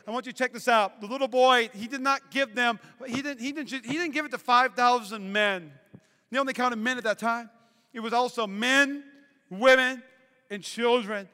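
A man preaching a sermon as pastor, telling playful stories with lively asides. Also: very high voice, normal speed, smooth. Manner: animated storytelling with playful asides. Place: church sanctuary. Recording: echoey hall reverb.

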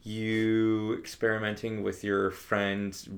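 A man's voice: lowish voice, monotone, takes it slowly. A man in casual podcast chat, easygoing and laughing along, hedging often as he talks a film through.

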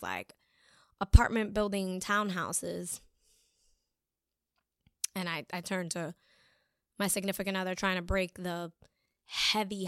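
A young woman shares a personal story in a casual, rambling monologue, full of fillers and quoted asides. Her voice is smooth and clear. It is recorded dry and close, with no room sound. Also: fairly low pitch, a bit bright, no echo. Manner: chatty, storytelling with many fillers and acted-out quotes. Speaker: speaker sharing a life lesson.

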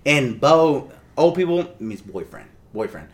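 A man's voice: mid-range voice, sing-song, a little slow. A man telling a long rambling story in casual chat, with many restarts and laughs.

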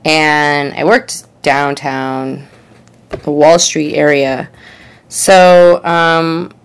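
A woman's voice: deep voice, steady tone, extremely slow, clear, resonant tone. A young woman telling a funny personal story in a chatty, rambling way, full of "like" and "you know.". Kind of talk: casual comedic storytelling.

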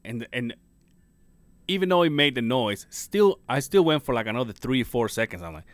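A male podcast host rambles through a story in casual chat, swearing and laughing as he goes. His voice sits at a middle pitch and sounds dry and close to the mic. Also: expressive, normal speed, fairly bright tone, dry recording.

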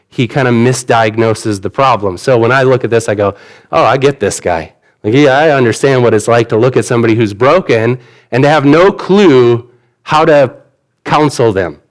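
A man preaching a sermon in an earnest, conversational way, retelling the story in everyday words. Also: medium pitch. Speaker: pastor.

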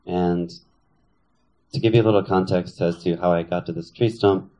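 A man telling a personal story to an audience in a room, speaking in a measured, serious, deliberate way. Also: low voice, steady tone, dark tone. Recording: dull lo-fi recording.

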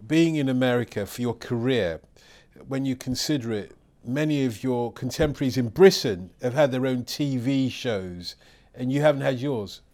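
A man's voice: mid-range voice, moderate pace, darkish tone. Man, podcast host, interviewer, direct probing questions.

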